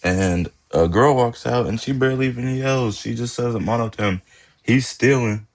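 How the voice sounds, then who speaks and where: A man's voice: medium pitch, moderate pace. A young man hosting a podcast, telling stories in a laid-back, slangy way and laughing as he goes. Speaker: podcast host. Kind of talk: casual storytelling.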